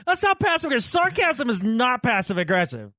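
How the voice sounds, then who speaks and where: A man's voice: very high-pitched, big pitch swings, normal speed, pushed and bright, no room sound, studio quality. A man co-hosting a sports podcast, talking in a casual, emphatic and sarcastic way. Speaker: podcast co-host.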